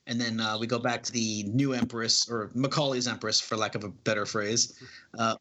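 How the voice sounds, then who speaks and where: A man's voice: medium pitch, steady tone, moderate pace, pushed and bright. A man casually reading through a comic book and describing its panels, hesitant and full of fillers. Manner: rambling, hesitant, many fillers.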